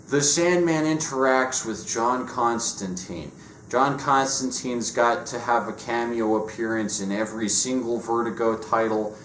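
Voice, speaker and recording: A lower-voiced man delivers a sarcastic, profanity-laced review. He sounds dismissive and offhand, in an echoey room with a faint hiss behind him. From United States. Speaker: comic book reviewer. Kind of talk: casual rant review.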